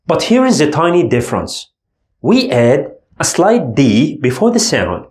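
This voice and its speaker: Slow, lively man teaching letter sounds. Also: medium pitch, echoey room. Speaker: Arabic teacher. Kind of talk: language lesson.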